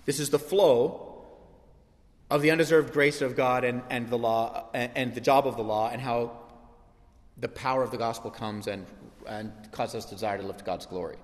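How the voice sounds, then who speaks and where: Animated male preacher in reverberant hall. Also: mid-range voice, normal speed. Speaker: pastor. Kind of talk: sermon.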